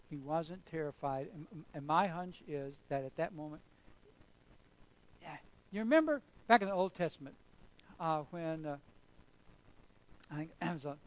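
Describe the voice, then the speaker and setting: Emphatic male pastor, higher voice. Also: low-quality recording. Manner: emphatic, storytelling, repeating phrases for effect. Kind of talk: sermon.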